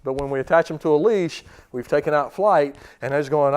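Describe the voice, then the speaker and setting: Chatty man in his thirties, fairly high voice. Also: fairly quick, hardly any pauses, a little mellow, clear, resonant tone. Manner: casual, quizzes the audience, many fillers and restarts. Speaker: dog trainer. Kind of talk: seminar talk to clients.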